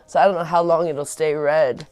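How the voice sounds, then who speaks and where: A woman's voice: low voice, steady tone, normal speed, a little mellow. A woman in her forties chatting casually on a livestream, rambling with many fillers and restarts. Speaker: vlogger on a livestream.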